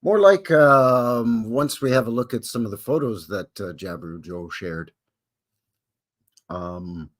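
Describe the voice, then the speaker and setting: A man's voice: medium pitch, measured pace. A Canadian man hosting a live stream in a folksy, jokey way, greeting chatters by name. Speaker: livestream host. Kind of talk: casual live-stream chat.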